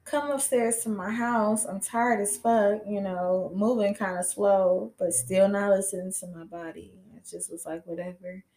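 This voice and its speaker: A woman's voice: mid-range voice, a little slow, few pauses, dark tone, a little hiss or hum. A young woman hosting a podcast, telling a personal story in a casual, rambling way, full of "you know" and "like" and with frank swearing. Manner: candid and swears freely. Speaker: podcast host. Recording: roomy echo.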